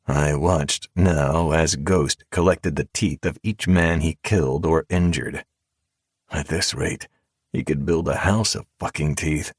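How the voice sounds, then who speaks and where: Very deep, slow, husky male narrator. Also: no echo, clean studio sound. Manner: calm, measured drawl. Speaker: audiobook narrator. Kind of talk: first-person audiobook narration of a dark romance. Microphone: close studio mic.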